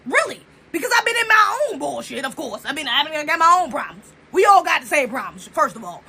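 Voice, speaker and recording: A woman's voice: high-pitched, sing-song, a little fast, gravelly, sharp tone. A young woman from the United States ranting to camera in an emphatic, profane way, firing off rhetorical questions. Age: young adult. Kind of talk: opinion rant to camera.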